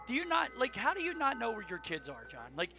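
High, bright-voiced ranting man. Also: fast, soft background music. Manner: animated, ranting, emphatic. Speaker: podcast co-host. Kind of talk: casual chat.

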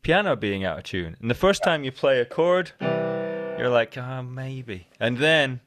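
A man's voice: mid-range voice, sing-song, normal speed, music in the background. A man hosting a podcast, talking casually in rambling, self-correcting sentences, often quoting himself. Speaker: podcast host. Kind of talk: casual conversation.

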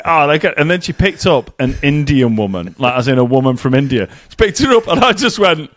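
A man's voice: fairly high pitch, big pitch swings, fairly quick, hardly any pauses, no room sound. A man co-hosting a casual podcast, telling rambling stories over drinks. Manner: rambling storyteller, many fillers and restarts. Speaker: podcast co-host.

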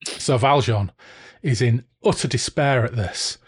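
A man hosting a casual book discussion podcast, animated and jokey, swearing freely. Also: medium pitch, unhurried, slightly rough. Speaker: podcast host.

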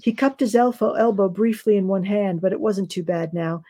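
Woman author, reading own novel aloud, measured, mellow voice. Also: medium pitch.

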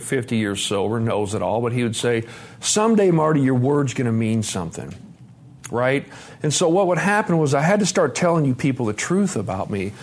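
A middle-aged man telling his own story at a recovery conference, candid and self-deprecating, swearing freely and dropping low and quiet on heavy points. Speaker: recovery meeting speaker. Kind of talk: personal testimony talk. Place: conference meeting room with live audience.

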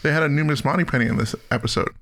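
Animated male film-review host. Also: medium pitch, racing. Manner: animated, laughs often, acts out scenes. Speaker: podcast host. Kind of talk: casual film-review chat.

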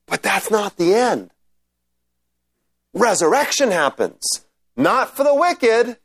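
Man lecturing on scripture, slightly high voice. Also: sing-song, takes it slowly, creaky, long pauses, a bit bright, breathy edge. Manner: conversational, checks in with "right?"; reads scripture aloud, then explains. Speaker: Bible teacher. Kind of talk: informal lecture with Q&A.

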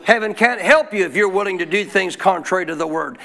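A man's voice: sits high, a little fast, sharp tone. A man preaching a sermon as pastor, quoting scripture and calling for responses from the congregation.

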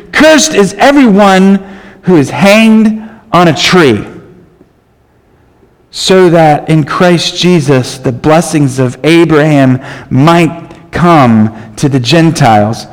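Guy preaching, high voice, slow and deliberate, big echoey hall. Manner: animated, emphatic preaching with reading aloud. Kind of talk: sermon. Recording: long reverb in a large hall.

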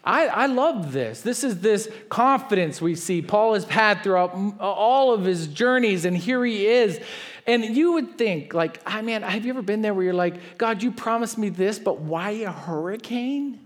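A male pastor delivering a sermon in a slightly high voice. He talks in a loose, conversational way full of asides, and leaps up in pitch whenever he acts out what someone said. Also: moderate pace. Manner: animated, acts out quoted voices with big pitch jumps; conversational with frequent asides and restarts.

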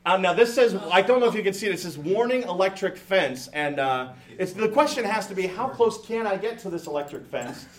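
A middle-aged man preaching a sermon to a congregation, animated and joking, with many restarts and acted-out quotes of parents. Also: high-pitched, a little fast, hardly any pauses. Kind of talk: sermon with humorous asides.

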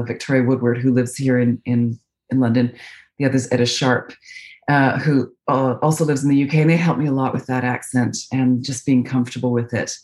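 This Canadian woman, a voice actress guesting in a casual interview via video call from home, has a bass voice with a darkish tone and a North American accent. She's thoughtful, often restarting and using fillers.

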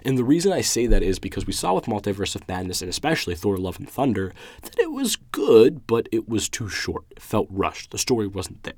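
A man's voice: on the low side, huge pitch swings, brisk, hardly any pauses, darkish tone, no room sound. A young man hosting his own show, talking through a film review in an eager, emotional, rambling way with lots of restarts. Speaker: podcast host reviewing a film. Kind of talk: casual solo review.

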